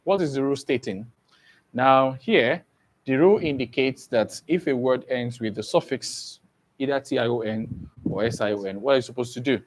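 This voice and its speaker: A man's voice: medium pitch, normal speed. A man giving an exam-prep lesson who keeps asking the class questions and repeating key points. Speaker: teacher.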